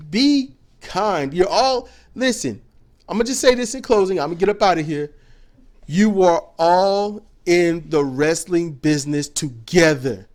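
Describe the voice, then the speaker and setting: A man co-hosting a casual commentary show, talking bluntly and swearing freely. His voice sits high and swings widely up and down as he lectures. He sounds preachy and outspoken. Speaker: co-host commentator.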